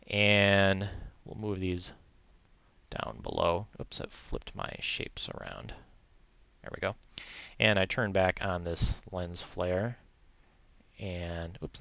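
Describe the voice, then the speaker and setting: Low, bright-toned man teaching software. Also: no echo. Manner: relaxed, chatty, self-correcting with light asides. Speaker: software tutorial instructor. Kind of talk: screen-recorded software tutorial.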